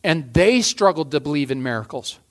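A man's voice: fairly high pitch, animated, brisk. A man preaching a sermon as a pastor, earnest, often restarting and repeating phrases.

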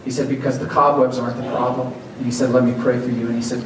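A man's voice: mid-range voice, flat delivery, normal speed. A man preaching a sermon as pastor, telling a story and then urging his listeners earnestly. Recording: echoey hall, distant mic, audible background noise.

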